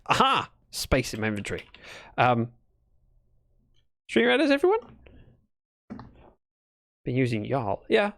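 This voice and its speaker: A British streamer with a creaky, medium-pitched voice chats casually to his live chat. He's building in a game and thinking aloud as he works, speaking in British English.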